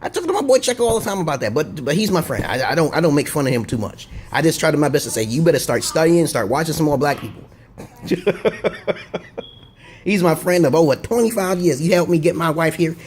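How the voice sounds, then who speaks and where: High-voiced man in a profane rambling rant. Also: sing-song, brisk, darkish tone, a little hiss or hum. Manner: profane, rambling, digressive monologue; repeats himself and checks in with "okay?". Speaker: video blogger. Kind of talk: casual vlog rant to camera.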